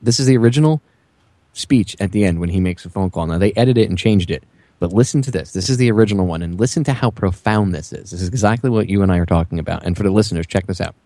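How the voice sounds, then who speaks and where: A man with a very low, mellow voice speaks earnestly on a talk radio show. He reads a passage aloud for the listeners in a deliberate way. The sound is dry and close. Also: expressive, no room sound. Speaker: radio show guest host.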